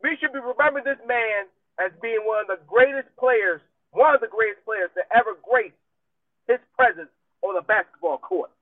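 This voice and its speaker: A man's voice: very high voice, moderate pace, no room sound. Male podcaster, country twang, emphatic repetitive rant; dry close sound. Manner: emphatic, profane, repetitive ranting. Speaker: podcast host. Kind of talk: heated solo commentary. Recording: dry, tinny phone-like audio.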